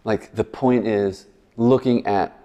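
A man's voice: fairly low pitch, fairly even intonation, slow pace, mellow, dull audio. A man preaching a sermon as a pastor, chatty and verbose, full of asides and jokes. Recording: long reverb in a large hall.

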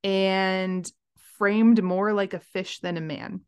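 A woman's voice: mid-range voice, steady tone, slow, clear, resonant tone. A woman co-hosting a podcast, chatting playfully and retelling a legend with frequent giggles. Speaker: podcast co-host. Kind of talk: casual chat.

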